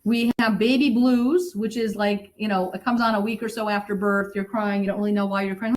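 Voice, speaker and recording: A middle-aged woman, a birth educator, explaining in lively conversation and sometimes acting out what new mothers say. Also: medium pitch, a little fast, few pauses, poor audio. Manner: animated, acts out quoted moms.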